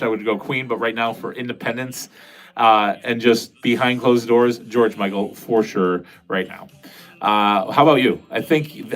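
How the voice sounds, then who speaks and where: A man livestreaming from his basement, chatting casually and answering viewer comments in a rambling, cursing, self-mocking way. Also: medium pitch. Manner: rambling, profane, self-deprecating. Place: home basement.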